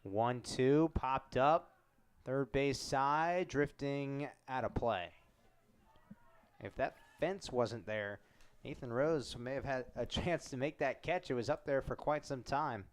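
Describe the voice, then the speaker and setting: Male play-by-play announcer, clean resonant tone, short measured calls of each pitch. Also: clear, resonant tone. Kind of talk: live baseball play-by-play commentary.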